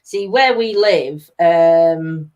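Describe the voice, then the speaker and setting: A woman's voice: fairly low pitch, extremely slow, a little mellow, highs cut off. Middle aged yorkshire woman chatting on a livestream, laughs a lot, tells stories. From East Yorkshire, England. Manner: chatty storyteller, laughs often. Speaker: livestream co-host. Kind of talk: casual chat.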